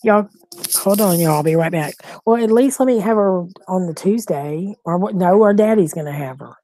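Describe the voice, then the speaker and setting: A middle-aged woman whose lowish voice spills out in anxious, repetitive rambling. She hosts a casual live-stream chat from home. The sound is close and dry. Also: moderate pace, dark tone, no room sound, poor audio. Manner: anxious, rambling, repeats herself. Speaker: host.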